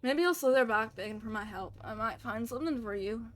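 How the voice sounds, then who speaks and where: A woman voicing a crude, foul-mouthed gangster man, reading him with a put-on Southern US accent in a gruff, bossy way. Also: a little high, fairly quick, close to an everyday voice.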